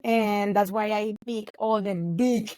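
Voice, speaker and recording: A woman, a baker chatting in an interview, animated and laughing often. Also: mid-range voice, takes it slowly, no room sound, poor audio. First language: Spanish. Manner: animated, laughs often, non-native grammar. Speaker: baker and guest. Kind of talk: casual interview chat.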